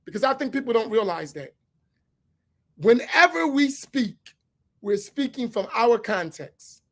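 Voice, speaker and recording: A man's voice: very high voice, very animated, a little slow, a bit bright. A man speaking as an imam, giving an emphatic lecture-style sermon and repeating his key points. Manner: asks for slides to be put up.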